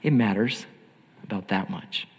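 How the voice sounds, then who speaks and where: A man preaching a sermon in an earnest, emphatic way, swinging between loud and hushed. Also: fairly low pitch, measured pace, breathy edge, long reverb tail.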